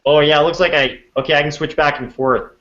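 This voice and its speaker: A man's voice: a little high, fairly even intonation, fairly quick, a bit bright. A man chatting casually over a laptop video call, easily amazed and restarting his sentences while he fiddles with his setup. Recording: dull lo-fi video call audio.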